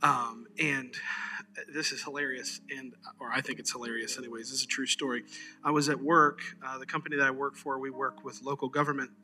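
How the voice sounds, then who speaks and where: A man's voice: mid-range voice, fairly quick. A male pastor preaching a conversational sermon, telling stories and often saying "amen.". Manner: conversational, animated storyteller, frequent "amen". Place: church service.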